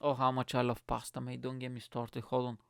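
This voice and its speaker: A man hosting a podcast, telling a story in an excitable, rambling way and swearing freely. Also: medium pitch, brisk, gravelly, slight background noise. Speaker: podcast host. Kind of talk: casual storytelling monologue.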